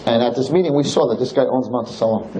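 A man, a rabbi, telling a story during a religious lecture in an animated way, with his pitch jumping high when he gets excited. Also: fast, a little hiss or hum, low-quality recording.

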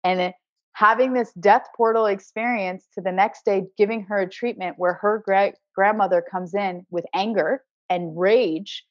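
Speaking at a moderate pace in a steady, medium-pitched voice, this woman is an acupuncturist guesting on a podcast. She shares a personal healing story in an earnest, spiritual manner, frequently repeating words as she looks for them; the audio is dry, slightly dull, and echo-free.

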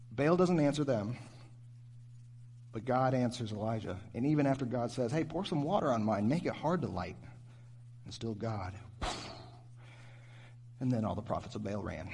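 A man, a youth pastor, giving an animated, conversational sermon and asking his listeners rhetorical questions. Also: mid-range voice.

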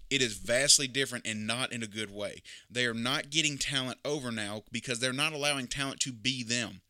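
A man's voice: mid-range voice, sharp tone, clean tone, no room sound, clean studio sound. A man giving opinionated, emphatic casual commentary, critical and repeating his points. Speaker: wrestling commentator.

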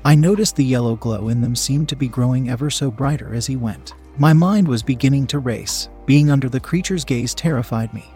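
Man, story narration, steady even delivery, medium pitch, faint music behind. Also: fairly quick, few pauses. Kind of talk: audiobook-style story reading.

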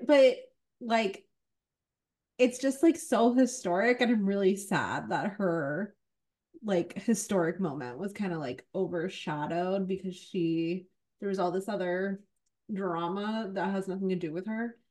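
A woman's voice: mid-range voice, unhurried, darkish tone. A woman on a casual film panel, chatty, with joking asides and lots of fillers.

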